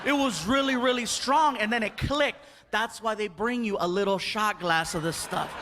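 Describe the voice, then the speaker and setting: Male stand-up comic, lively storyteller who acts out dialogue; live show recording with audience noise. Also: sits high, normal speed. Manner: animated, acts out dialogue, laughing. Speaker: stand-up comedian. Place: comedy stage before an audience.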